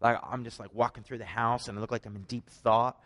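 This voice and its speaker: A man's voice: medium pitch, brisk. A man with a Canadian accent preaches a conversational sermon, telling stories with joking asides. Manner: animated storytelling, joking asides.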